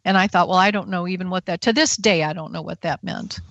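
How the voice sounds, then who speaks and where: Middle-aged woman guest, lively storyteller, dry dull line. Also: fairly low pitch, quick pace, no room sound. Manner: animated, acts out the voices of people in her stories. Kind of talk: casual storytelling on a radio show.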